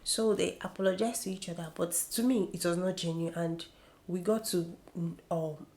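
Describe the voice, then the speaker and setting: A woman's voice: on the low side, normal speed. A young woman vlogging about a reality show in an opinionated, gossipy chat. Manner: chatty, opinionated, animated gossiping. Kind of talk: casual chat.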